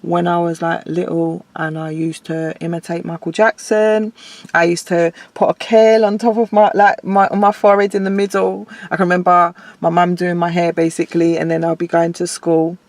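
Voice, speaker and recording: A woman's voice: lowish voice, fairly even intonation, moderate pace, no room sound. Woman musician chatting in an interview, earnest, laughs a lot, dead dry sound. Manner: earnest, reflective, laughs easily, gets emotional. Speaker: guest musician. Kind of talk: casual interview chat.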